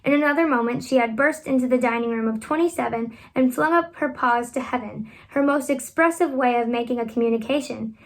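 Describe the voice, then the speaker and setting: A woman reading a children's classic aloud at home, expressive and animated, lifting her voice for the children's lines. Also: on the high side, a little fast. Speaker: reader.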